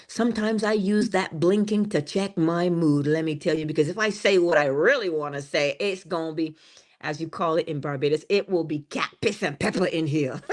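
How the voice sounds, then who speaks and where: A woman hosting a morning inspiration stream, giving a motivational talk with emphasis, dropping to a whisper on key phrases and acting out little scenes. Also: fairly low pitch. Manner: animated, laughs and acts out little scenes.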